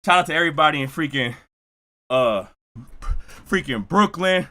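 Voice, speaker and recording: Male streamer, from Buffalo, New York; high, sharp voice, loud and excitable, shouting out to viewers. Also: normal speed, pauses often. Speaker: streamer reacting to music. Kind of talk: live-stream reaction chat.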